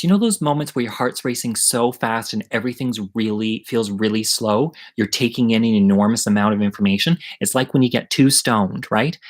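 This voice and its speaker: A man's voice: mid-range voice, rough recording. A middle-aged man telling a story from his childhood in a chatty, rambling way, swearing freely, as the host of an online story hour. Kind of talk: casual live-streamed storytelling.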